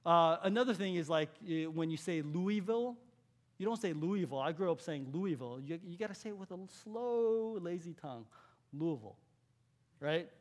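Man, pastor's sermon, fairly high voice, talks with the congregation, quiets down for emphasis. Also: brisk, hardly any pauses. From California. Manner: conversational, asks the audience questions, drops to a hush for key points.

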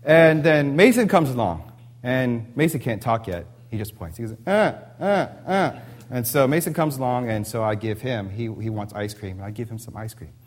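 A man's voice: mid-range voice, brisk. A man in his thirties preaching a sermon, telling a family story and firing off rhetorical questions. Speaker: pastor.

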